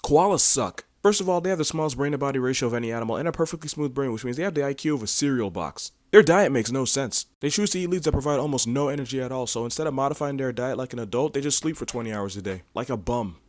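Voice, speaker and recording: A man's voice: medium pitch, animated, quick pace, hardly any pauses, no echo, studio quality. A man delivering a comedic animal-facts rant in a sarcastic, mocking way. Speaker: short-video creator.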